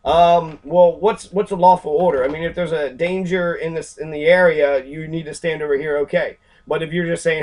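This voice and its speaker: Kentucky guy ranting about civics, cussing constantly, lots of ums, slightly high voice. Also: fairly even intonation, moderate pace, hardly any pauses, darkish tone, poor audio. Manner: profane, ranting, many fillers. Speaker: civics vlogger. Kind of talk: angry casual commentary.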